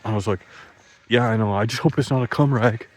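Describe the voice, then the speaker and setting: A man with a mid-range, slightly mellow voice talks a little fast in a casual, rambling storytelling monologue, full of "like" and restarts. He swears freely, laughs at his own jokes, and his voice jumps up whenever he quotes himself. The audio quality is poor.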